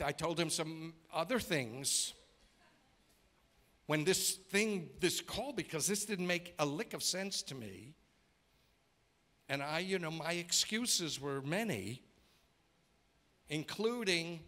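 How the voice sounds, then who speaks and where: A man's voice: fairly high pitch, expressive, unhurried, pauses often, fairly bright tone. A man preaching a sermon as a guest pastor in a church, emphatic and rhythmic, repeating phrases in lists and asking the congregation questions. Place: church sanctuary.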